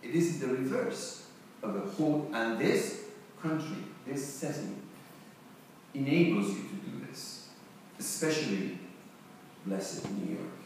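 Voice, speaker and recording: A middle-aged man from Iran with a Persian accent, giving an emphatic academic conference talk, often pausing on "uh". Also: medium pitch, expressive, darkish tone. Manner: emphatic, hesitant with frequent uh fillers. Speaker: conference panelist. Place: large conference hall. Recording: echoey hall, distant mic, faint noise.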